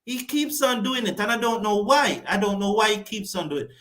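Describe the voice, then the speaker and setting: High-voiced passionate cricket commentator. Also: male voice, animated, a little fast, few pauses, fairly bright tone. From West Indies. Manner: passionate, repeats himself for emphasis; reads out and answers viewer comments. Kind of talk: live online cricket commentary.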